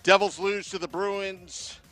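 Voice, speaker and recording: A male sports podcast host talks slowly and deliberately. His voice is high and bright. He opens the show in a formal, news-anchor manner. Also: level tone, faint music behind. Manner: formal announcer-style opening. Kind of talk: casual sports podcast chat.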